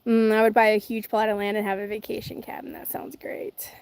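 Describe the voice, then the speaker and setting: A woman's voice: medium pitch, little pitch movement, brisk, darkish tone, clear, resonant tone, no room sound. A woman hosting a casual live chat outdoors, reading viewer comments, chatty and giggly with a self-deprecating humor. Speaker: livestream host.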